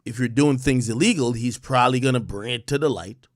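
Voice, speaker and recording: A man's voice: medium pitch, fairly quick, no echo, studio quality. A man hosting a livestream, rambling through casual commentary and repeating himself. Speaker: livestream host.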